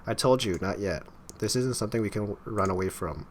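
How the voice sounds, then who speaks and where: A man's voice: on the low side, fairly quick, a little hiss or hum, lightly acted. Man reading as an earnest, urgent young woman. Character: worried, determined young woman, secret lover. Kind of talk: reading game dialogue aloud.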